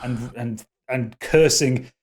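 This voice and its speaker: A man narrating a tabletop game as game master, in a loose, halting way with many restarts. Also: mid-range voice, a little mellow, slightly rough.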